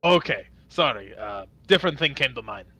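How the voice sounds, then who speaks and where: A man's voice: medium pitch, lively intonation, normal speed, pushed and bright, low-quality recording. A man playing a tabletop game, impatient and pushing his own plan on the group. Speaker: player. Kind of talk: casual tabletop play.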